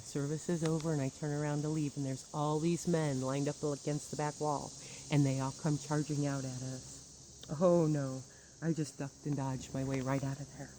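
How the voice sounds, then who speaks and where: A woman's voice: deep voice, mellow, slight background noise, poor audio. A woman telling a personal grievance story in a bitter, sarcastic monologue with wry laughs. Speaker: churchgoer recounting grievances.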